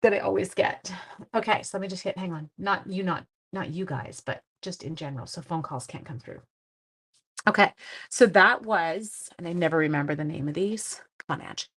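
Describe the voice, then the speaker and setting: While working on a relaxed craft live stream, a middle-aged stamping demonstrator chats with her audience and welcomes viewers by name. She has a lowish, expressive voice and speaks fairly quickly.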